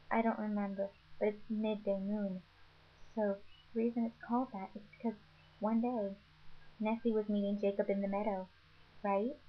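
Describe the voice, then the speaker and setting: A young woman telling a made-up story in a rambling, sarcastic, offhand way, on a dull lo-fi webcam mic. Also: a little high. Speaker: vlogger. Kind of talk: casual storytelling.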